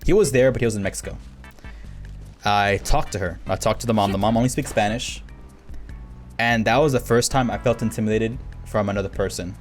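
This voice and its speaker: A young man with a fairly low voice spins a personal story in casual stream talk. He gets animated and laughs as he acts out the other people, while faint music plays in the background. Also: a little fast.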